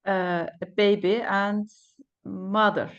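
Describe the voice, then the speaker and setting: Older woman, from Turkey, native Turkish, student, hesitant simple answers, slow, muffled lo-fi call. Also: medium pitch, level tone, clean tone. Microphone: video call.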